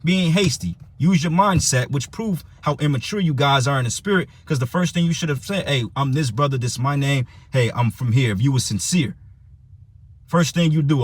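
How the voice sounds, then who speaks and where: A man's voice: medium pitch, fairly quick. A man teaching for a religious camp, giving a heated, profane preaching rant that reads and explains scripture.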